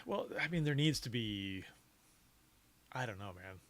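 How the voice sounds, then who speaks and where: A man's voice: fairly low pitch, animated, a little slow, fairly bright tone. A man co-hosting a podcast in casual chat, laid-back and joking. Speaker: podcast co-host.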